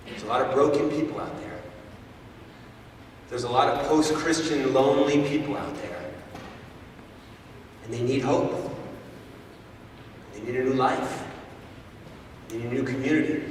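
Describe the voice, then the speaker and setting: A man giving an animated talk to a live audience, telling a story and repeating words, in an echoey hall heard from far off. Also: mid-range voice, a little hiss or hum. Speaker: guest speaker.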